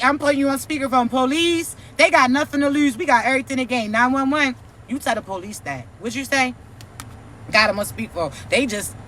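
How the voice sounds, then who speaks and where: A woman's voice: high-pitched, pushed and bright. A woman giving a profane, preachy, mocking vlog rant as a spiritual content creator.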